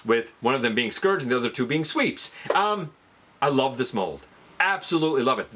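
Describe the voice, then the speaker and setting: A man's voice: mid-range voice, breathy edge. A man hosting a casual toy countdown review, talking with lots of emphasis and fillers like "um" and "not for nothing.". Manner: animated, stressed emphasis, fillers. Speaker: toy collector host.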